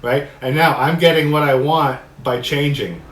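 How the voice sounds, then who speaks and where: A man teaching a discussion workshop, reading passages aloud and explaining them in a relaxed way, often laughing. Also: fairly high pitch, normal speed. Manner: relaxed, laughs often, acts out quoted voices. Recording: echoey room with faint noise.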